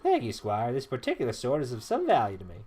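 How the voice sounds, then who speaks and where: A gruff old weapon master with a drawling Southern accent, as a man reads him out in a game playthrough. He grumbles, boasts of old battles and calls the hero lad. His pitch swings widely as he tells his stories. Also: wildly swooping pitch, fast, darkish tone. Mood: formal. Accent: Southern US, put on.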